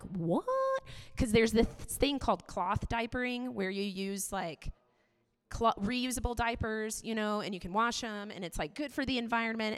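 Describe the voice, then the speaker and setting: A woman's voice: on the high side, clear, resonant tone. Woman preaching in a reverberant hall. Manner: conversational, candid, many "like" fillers. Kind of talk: sermon.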